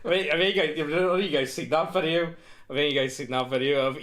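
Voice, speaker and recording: A man playing a tabletop game, loud and rowdy, swearing and acting like a football hooligan. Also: on the high side, quick pace. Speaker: player. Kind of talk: casual tabletop game banter.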